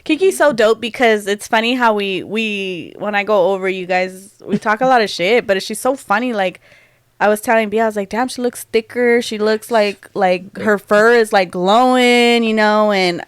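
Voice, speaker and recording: A woman's voice: medium pitch, moderate pace, clean tone, no room sound, clean studio sound. A woman co-hosting a casual chat podcast who laughs often and teases with a lot of slang. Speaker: podcast co-host.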